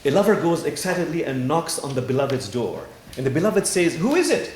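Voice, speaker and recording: A man, an imam, giving a sermon in a worship hall and telling parables with dramatic pauses. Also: mid-range voice, a little hiss or hum. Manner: animated storytelling with dramatic pauses. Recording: echoey hall, faint ambience.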